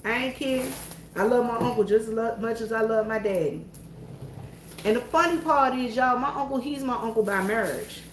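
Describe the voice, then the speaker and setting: Alone in an empty church, a Southern vlogger who works there talks to viewers in a fairly high voice at a moderate pace, telling stories in a folksy, casual way. Her voice echoes in the room over slight background noise.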